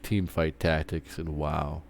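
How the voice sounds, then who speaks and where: A man's voice: a bass voice, little pitch movement, takes it slowly, creaky, a little hiss or hum. A man streaming live, ranting casually with lots of swearing and stumbling restarts. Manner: profane, rambling, restarts often. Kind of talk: casual rant while streaming.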